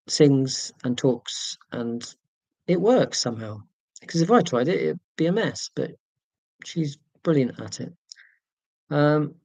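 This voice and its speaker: A man's voice: a little high, a little mellow, no room sound. A man hosting a casual livestream from home, reading viewer comments in a chatty, rambling, self-deprecating way. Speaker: YouTube channel host.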